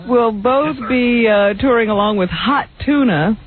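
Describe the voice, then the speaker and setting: A woman's voice: fairly high pitch, measured pace. Giggly female radio news co-host. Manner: giggly, chatty. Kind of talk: casual news reading and banter. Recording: lo-fi phone-like radio recording.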